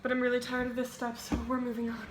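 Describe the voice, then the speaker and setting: She talks fast in a slightly high voice, a young woman cooking and vlogging in her kitchen at home. Her chatter rambles, sprinkled with "like"s and self-mockery. The home video sounds rough, with constant background noise.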